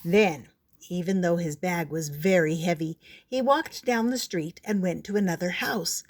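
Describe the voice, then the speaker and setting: Older woman, storybook reader, slow and gentle delivery. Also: on the low side. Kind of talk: reading a picture book aloud.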